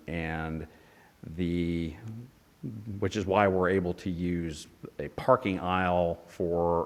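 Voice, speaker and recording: A man with a very low voice delivers a technical report at a formal public hearing. He pauses often, fills gaps with "uh" and restarts his sentences. His voice carries a long reverb from the hearing room. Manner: halting, many fillers and restarts. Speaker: engineer presenting a development project.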